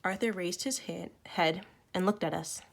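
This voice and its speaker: A woman teacher reading a novel aloud to her students, expressive, with small self-corrections. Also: on the low side, normal speed, gravelly, slight background noise. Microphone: recorded at home for online learning.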